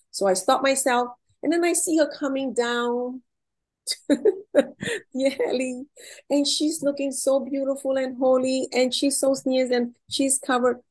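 A woman's voice: high-pitched, fairly even intonation, unhurried, poor audio. A middle-aged woman being interviewed, telling heartfelt personal stories in an emotional, effusive way and repeating words when she is moved.

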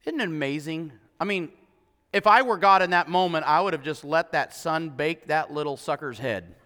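A male pastor preaching a sermon, animated and full of rhetorical questions to the congregation. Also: fairly high pitch, normal speed, long reverb tail.

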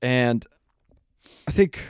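A man's voice: drawn-out words, dry recording. A young man co-hosting a podcast who tells a story in a casual, rambling way. He acts out the quotes and laughs often. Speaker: podcast co-host.

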